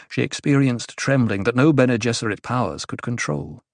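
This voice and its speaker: A man narrating a novel in steady, even scripted storytelling. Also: mid-range voice, normal speed, no room sound. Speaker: audiobook narrator.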